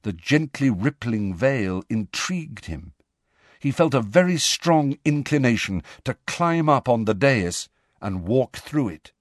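A man reading a storybook aloud as audiobook narrator, in expressive scripted narration on a close studio mic. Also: medium pitch, measured pace, no echo.

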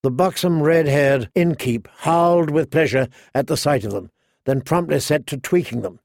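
A man narrating an audiobook in a measured, unhurried, vivid way. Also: fairly high pitch, a little mellow, no room sound, clean studio sound. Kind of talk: scripted narration.

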